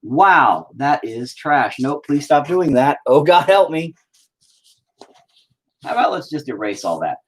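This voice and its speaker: Man, husky, very animated pitch, foul-mouthed live-painting rambler. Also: normal speed, few pauses. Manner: swears constantly, self-critical rambling; talks to himself while working. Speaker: painter streaming his work. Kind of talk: casual live painting commentary.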